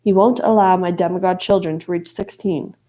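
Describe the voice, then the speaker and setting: A woman voicing a gloomy, brooding male god of the dead, speaking low and pleading. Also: steady tone, brisk, dark tone, close to an everyday voice.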